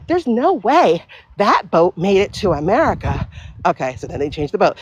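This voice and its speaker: A woman hosting a casual livestream while walking outdoors, talking in an animated, profane way with quick asides. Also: medium pitch. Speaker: livestream host. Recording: dull lo-fi livestream audio.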